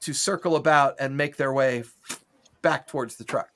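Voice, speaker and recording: A man's voice: medium pitch, moderate pace, a bit bright, a little hiss or hum. A man narrating a tabletop game as game master, describing the action in a cinematic way with casual fillers.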